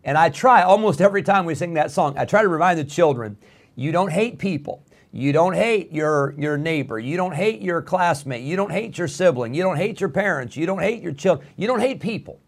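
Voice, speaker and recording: Earnest preaching man, fairly high voice. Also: animated, fairly quick, gravelly. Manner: earnest preaching with frequent "uh" fillers, rising to fervent emphasis. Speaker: pastor. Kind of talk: radio sermon.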